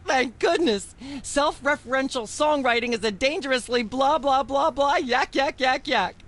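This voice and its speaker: A woman's voice: high-pitched, moderate pace, a bit bright. Pompous female talk-show host, theatrical, preachy, video game.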